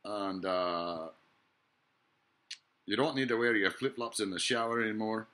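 This man speaks unhurriedly in a lowish voice with a sharp tone. His monologue is profane and rambling, filled with hesitations and filler sounds, as he digresses, muses aloud, and poses rhetorical questions.

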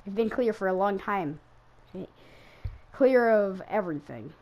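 A woman's voice: medium pitch, lively intonation, a little slow, darkish tone. A woman giving casual, self-mocking running commentary while she plays a racing game, exclaiming whenever cars crash. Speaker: gaming YouTuber racing in an online league.

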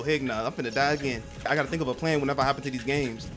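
A young man streaming a game, rambling and swearing as he plays, with loud, animated reactions. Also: fairly high pitch, racing, hardly any pauses, soft background music. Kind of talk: excitable gameplay commentary.

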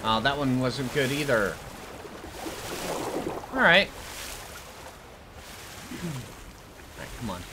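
A man's voice: mid-range voice, sing-song, extremely slow, pauses often, background noise. A man hosting his own gaming channel, chatting casually and upbeat as he plays. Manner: upbeat, chatty, talks to himself while playing. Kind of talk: casual gameplay commentary.

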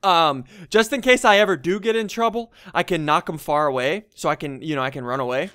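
A young man doing casual gameplay commentary as a gaming YouTuber, muttering to himself and then bursting into excited yells. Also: fairly high pitch, fairly quick, hardly any pauses, dry recording, clean studio sound. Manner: excitable, swings from muttering to yelling.

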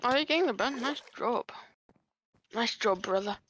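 A young woman chatting with a teammate during a video game, excitable and self-mocking. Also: fairly high pitch, quick pace. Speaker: gaming teammate. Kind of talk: casual gaming chat.

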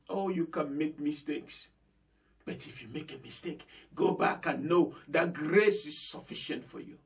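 Slow, fervent preaching man. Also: sits high, recorded from a distance. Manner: fervent, repeats phrases for emphasis, speaks directly to listeners. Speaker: pastor. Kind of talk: impassioned sermon.

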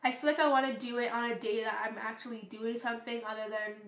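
A teenage girl chatting through a beauty product review, rambling with fillers, her voice going hoarse. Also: fairly high pitch, steady tone, fast talker, few pauses, fairly bright tone, echoey room. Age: teens. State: losing her voice. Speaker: beauty vlogger. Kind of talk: casual product review vlog.

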